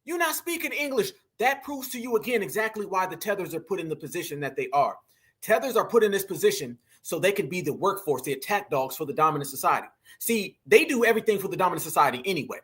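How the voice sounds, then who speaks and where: A man's voice: high voice, expressive, quick pace, a bit bright, husky. A man hosting a commentary show, reacting to video clips and talking emphatically straight to his viewers. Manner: emphatic, repeats phrases, addresses viewers as family. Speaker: commentary channel host.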